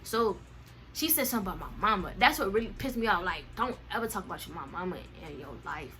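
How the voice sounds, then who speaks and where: A young woman telling a casual storytime, animated and slangy, acting out the other people's lines with big swings in pitch and loudness. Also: fast, soft background music. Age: young adult. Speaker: storyteller vlogger.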